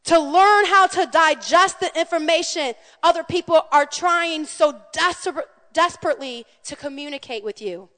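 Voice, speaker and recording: A high-pitched woman pastor preaches in an easy, conversational way, telling lively stories and calling out to her congregation. Her voice carries a long reverb from the church sanctuary. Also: normal speed, hardly any pauses. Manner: animated storytelling, calls out to the congregation. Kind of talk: conversational sermon.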